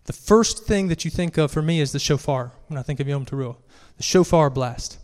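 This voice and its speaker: A man's voice: a little high, fairly quick, darkish tone. Man preaching in a reverberant hall. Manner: earnest, rises and presses when reading scripture aloud. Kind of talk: sermon.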